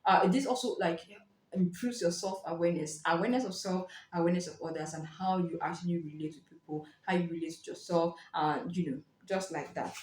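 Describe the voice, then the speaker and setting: A woman's voice: lowish voice, a little fast. Woman reviewing a book in a roomy echo. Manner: lively, explanatory, acts out short quoted reactions. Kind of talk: casual spoken book review.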